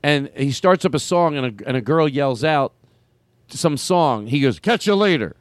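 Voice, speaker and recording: A man's voice: mid-range voice, expressive, unhurried, no echo. A man hosting a comedy podcast, bantering playfully and jumping from one bit to the next. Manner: playful, jumps between bits. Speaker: podcast host.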